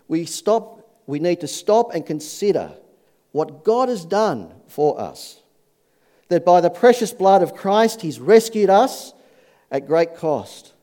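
A man preaching a sermon, telling anecdotes with lively punchlines and dropping low and soft for scripture.

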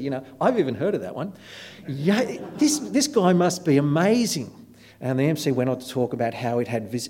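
A man giving a sermon, telling stories in an animated, self-deprecating way. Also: medium pitch. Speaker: preacher. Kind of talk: storytelling sermon.

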